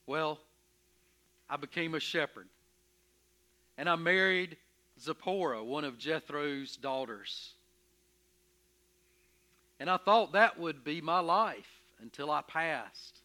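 A man playing Moses in a dramatic first-person sermon, telling his story with emphatic, expressive energy and stammering when anxious. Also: on the high side, takes it slowly, pauses often, full character voice. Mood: earnest. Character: Moses, earnest, stubborn, curious shepherd. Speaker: preacher in character.

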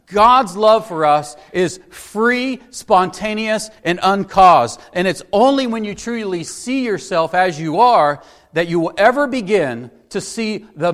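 Male preacher with a higher voice, emphatic teaching sermon delivery. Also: fairly bright tone. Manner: earnest, emphatic, slows down on scripture verses; teaching, with frequent "right?" asides.

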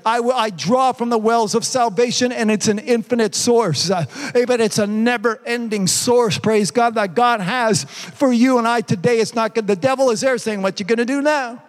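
A man's voice: very high-pitched, normal speed, hardly any pauses. An older man preaching a fervent sermon as pastor, constantly punctuating his points with "amen" and "praise God.". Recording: long reverb in a large hall.

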